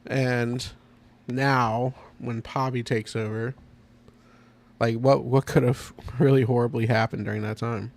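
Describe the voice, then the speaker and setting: A man chatting casually on his podcast, eager and rambling. He laughs often as he goes, and his voice sits at a middle pitch. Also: level tone, a little slow, creaky. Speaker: podcast host. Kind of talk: casual chat.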